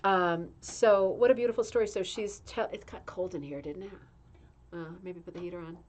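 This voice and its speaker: A middle-aged woman hosts a casual livestream from an indoor room where a heater hums, reading a magazine aloud and adding chatty asides. Her voice is lowish and a little mellow, at a normal speed.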